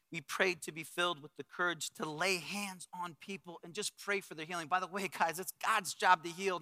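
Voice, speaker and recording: A middle-aged man preaching as a pastor, telling a story with acted-out quotes and swings from loud bursts to hushed reflection. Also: on the high side, no room sound. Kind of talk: sermon storytelling.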